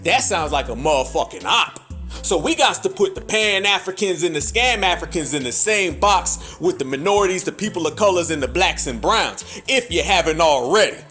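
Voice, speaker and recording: A man with a high, lively voice rants through a podcast monologue, swinging his pitch widely as he builds points in a rhythmic, preacher-like cadence. He leans hard on emphasis and curses freely. Faint music sits under his voice. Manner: mimics other voices in quick asides. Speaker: podcast host. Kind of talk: animated commentary monologue.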